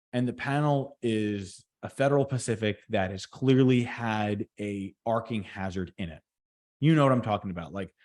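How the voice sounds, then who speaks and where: A man co-hosting a casual podcast, an electrician who talks in a deliberate, reflective way and slows down on purpose to make a point. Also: fairly low pitch, a little mellow. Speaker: podcast co-host.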